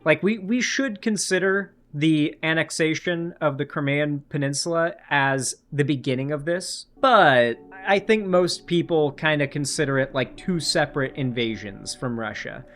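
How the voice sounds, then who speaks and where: A man's voice: fairly high pitch, expressive, moderate pace, hardly any pauses, a bit bright. A man giving casual political commentary in a conversational way, with filler words and restarts, and Ukrainian as his first language.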